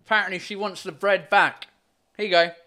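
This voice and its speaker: A man's voice: high-pitched, steady tone, a little fast, pushed and bright. A man hosting a casual livestream from home, reading out viewer comments in a rambling way, with lots of fillers and swearing. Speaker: livestream host.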